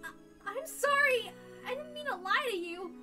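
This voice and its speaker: A woman's voice: extremely high pitch, animated, normal speed, sharp tone, soft background music, pitched above the performer's own voice, full character voice. A woman voicing a pleading teenage girl. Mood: apologetic. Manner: earnest, pleading. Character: spirited teenage girl, loyal friend. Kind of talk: dramatic visual novel reading.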